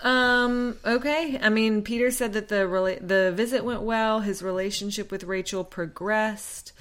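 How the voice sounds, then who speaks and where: A woman co-hosting a podcast, casually recapping a reality show with wry jokes and quick asides. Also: mid-range voice, steady tone, a bit bright. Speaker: podcast co-host.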